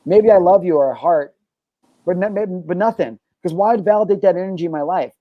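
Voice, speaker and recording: A man's voice: high voice, fairly quick, no room sound, highs cut off. A man hosting a podcast, talking candidly and emphatically, swearing often and restarting his sentences. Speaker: show host.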